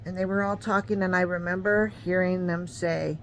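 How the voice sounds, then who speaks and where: A woman's voice: fairly low pitch, steady tone, normal speed, a little hiss or hum, rough recording. A woman in her fifties telling a personal story in a rambling, conversational way, full of fillers and restarts. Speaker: vlogger.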